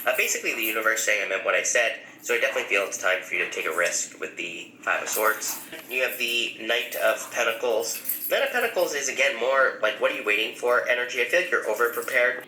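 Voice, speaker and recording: A man's voice: medium pitch, expressive, fast, sharp tone. A man giving a tarot reading, musing and hesitant with many fillers. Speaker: tarot reader. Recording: roomy echo with faint background noise.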